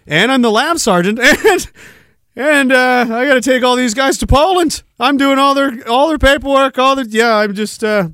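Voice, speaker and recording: A man's voice: extremely high pitch, normal speed, bright, forceful tone, clean tone, dry recording, studio quality, voice pushed up. A man voicing his overworked army buddy, a harried sergeant who sounds weary and laughs nervously. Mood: frazzled.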